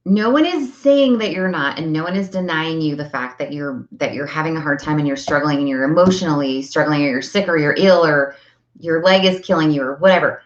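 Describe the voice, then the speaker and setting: A middle-aged woman with a low voice coaching her viewers in a chatty, earnest way, often repeating phrases to drive a point home. The sound bounces around a reverberant room. The recording is a bit dull and muffled. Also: a little fast. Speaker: self-help coach. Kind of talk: motivational talk to viewers.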